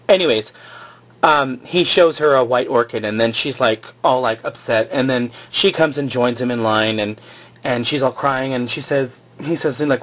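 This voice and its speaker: A man's voice: mid-range voice, moderate pace, muffled recording. A man casually recapping a TV episode, rambling with lots of fillers like "like" and "you know.".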